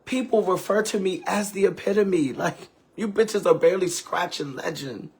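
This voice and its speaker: A man's voice: high-pitched, moderate pace, a little mellow, husky. A man who is a ballroom house mother, telling an emotional, candid and profane story on a live stream with sassy, dramatic delivery.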